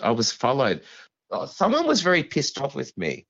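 A man rambles through a story as a guest, stopping and restarting often. His pitch swings widely, and the sound is dull and lo-fi, like a remote call. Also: wildly swooping pitch, creaky, a bit bright, slightly rough. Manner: rambling, halting, full of restarts and "you know". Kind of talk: storytelling in an interview.

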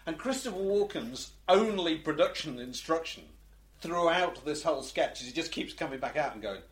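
Middle-aged guy co-hosting, slightly high voice, bouncy, rambles n restarts. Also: expressive, moderate pace. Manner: rambling, hesitant storytelling with restarts. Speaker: podcast co-host. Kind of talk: casual podcast chat.

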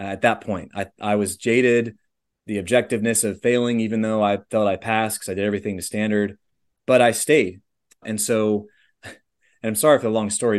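A man in his thirties telling a personal story in a casual interview, earnest and rambling, with lots of "like" and "legit". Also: medium pitch. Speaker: podcast guest, airline pilot.

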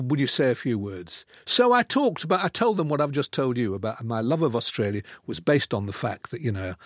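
An older man, a guest, telling a self-mocking anecdote with theatrical swings between loud and hushed delivery. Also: mid-range voice, no echo, clean studio sound. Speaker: guest author. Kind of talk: storytelling anecdote in conversation.

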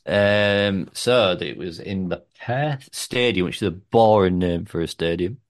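A man's voice: sits low, a little slow, dry recording, studio quality. A man hosting a podcast, chatting casually and joking about wrestling. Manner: jokey, banters about wrestling. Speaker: podcast host. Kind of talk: casual chat.

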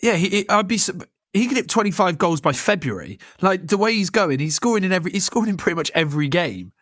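A young man, co-hosting a casual football podcast, animated and swearing freely. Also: high-pitched, quick pace, dry recording, clean studio sound. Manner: animated, swears, laughs often. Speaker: podcast co-host.

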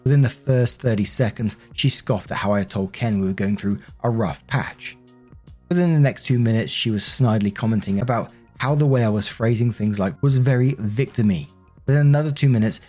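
Brief: low, husky male story narrator, faint music bed. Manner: steady first-person reading. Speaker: narrator of online stories. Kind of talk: reading a story aloud.

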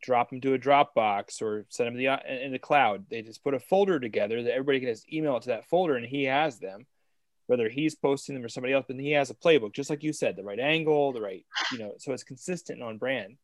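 A man's voice: medium pitch, fast talker, no room sound. Host, man, mid-range voice, keen and chatty, dry close sound. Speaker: interviewer. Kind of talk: casual interview talk.

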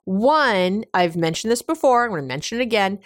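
A woman's voice: medium pitch, expressive, fairly quick, no room sound, studio quality. A woman hosting a solo advice podcast, chatty and emphatic, laughing often and repeating her points. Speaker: podcast host.

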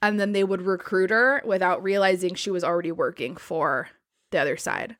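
A woman's voice: lowish voice, brisk, a bit bright, no room sound, clean studio sound. Chatty woman telling a spy story. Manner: chatty, many "like" fillers, laughs easily. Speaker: podcast co-host telling a history story. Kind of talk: casual storytelling chat.

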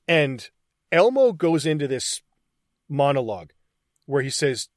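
A man's voice: fairly high pitch, a little slow, long pauses, no echo, studio quality. A man hosting a casual podcast, retelling movie scenes with lots of swearing and enthusiasm. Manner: excited, profane retelling of scenes. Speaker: podcast host. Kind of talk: casual film recap chat.

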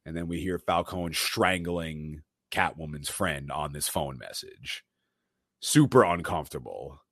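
Deep-voiced male podcast co-host, casual movie recap, quotes the characters with some flair, dry close mic. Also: measured pace, no echo. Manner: animated retelling, quoting characters.

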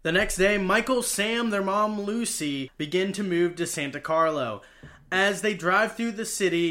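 Bright high-voiced man recapping a film. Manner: wry, offhand asides while retelling the plot. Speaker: podcast co-host. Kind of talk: casual movie plot recap.

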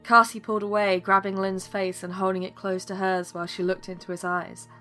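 A woman's voice: mid-range voice, flat delivery, fairly quick, bright, forceful tone, soft background music. A woman reading a fantasy story aloud, voicing every character in her own voice. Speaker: narrator.

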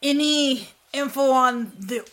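A woman's voice: sits high, slow pace, a bit bright, a little hiss or hum. A woman playing a tabletop game, teasing and laughing often. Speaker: player. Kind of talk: casual tabletop game play.

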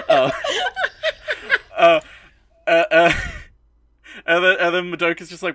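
A bright-toned young man with a dry, close sound rattles through a casual podcast recap. He rambles and swears freely. He drops quick snippets of mock dialogue along the way. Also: mid-range voice, dry recording. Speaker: podcast co-host. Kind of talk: casual commentary recapping an anime episode.

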